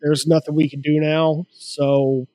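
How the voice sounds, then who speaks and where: A man hosting a comedy podcast, telling a story in a casual, halting way with frequent restarts. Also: a little high, level tone, dark tone, dry recording, rough recording. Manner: slow, halting delivery with many restarts. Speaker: podcast host.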